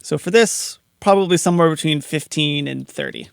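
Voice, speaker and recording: Gravelly-voiced man teaching audio mixing. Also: a little high, normal speed, slight background noise. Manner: casual, explanatory, talks through each step. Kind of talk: screen-recorded tutorial explanation.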